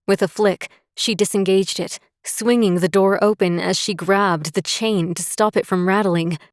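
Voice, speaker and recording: A woman narrates a romantic suspense audiobook, reading the script in a steady, measured manner. Her voice sits at medium pitch, and the recording is dry with clean studio sound.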